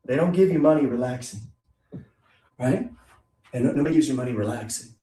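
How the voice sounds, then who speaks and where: A man's voice: medium pitch, a little fast, warm tone. A middle-aged man giving a blunt, profane motivational talk on investing, full of rhetorical questions. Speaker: investing coach. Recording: echoey room, distant from mic.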